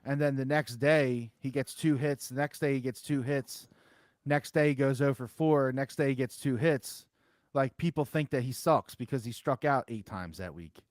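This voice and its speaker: A man's voice: mid-range voice, darkish tone, no echo. A man co-hosting a sports podcast in casual, profane chat, rambling with lots of fillers and restarts. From Philadelphia area. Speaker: podcast co-host.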